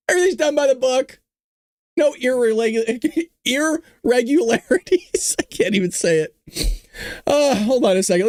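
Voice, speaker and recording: A man's voice: very high-pitched, dry recording, studio quality. Sarcastic man hosting a news commentary show. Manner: sarcastic, laughs often. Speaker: host.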